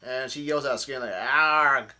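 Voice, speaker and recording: A man's voice: mid-range voice, normal speed, fairly bright tone. A man casually recapping a comic chapter, rambling with many fillers and restarts. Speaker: channel host.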